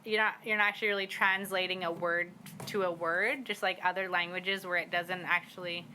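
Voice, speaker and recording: A young woman from the Squamish Nation talks casually as a guest, a parent learning her language. Her voice sits a bit low yet sounds bright and forceful, full of fillers and laughter. She speaks outdoors in a garden, with a faint hum of ambience behind her. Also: steady tone, a little fast, rough recording. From Squamish Nation, British Columbia, Canada. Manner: chatty, many fillers, laughs and acts out quotes. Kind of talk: casual conversation.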